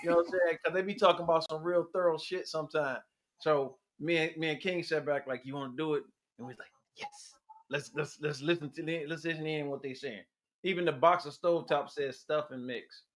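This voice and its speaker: A man's voice: a little high, steady tone, a little fast. A man co-hosting a podcast in casual chat, playful and teasing. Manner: playful, teasing, loud bursts. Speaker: podcast co-host.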